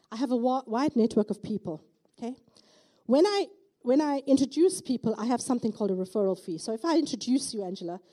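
Warm-voiced South African woman preaching. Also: mid-range voice. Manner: emphatic, with repeated rhetorical "okay?" asides. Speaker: church speaker giving testimony. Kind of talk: preaching testimony.

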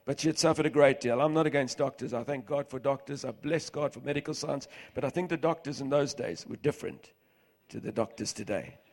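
A middle-aged man preaching a sermon, reading scripture aloud and repeating key words for emphasis, swinging between loud and hushed. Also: mid-range voice, fairly quick, creaky.

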